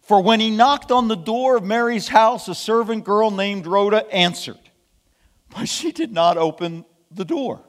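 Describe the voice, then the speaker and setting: A man with a high voice preaches slowly, lingering on each phrase. He retells a scripture story with emphasis, pausing to ask the congregation rhetorical questions. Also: big-room sound. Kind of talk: sermon.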